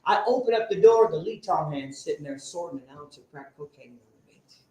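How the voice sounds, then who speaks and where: A man telling his recovery story to a live audience, animated and sometimes shouting. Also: fairly high pitch, a little fast. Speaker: speaker sharing a recovery story. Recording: very echoey room, faint noise.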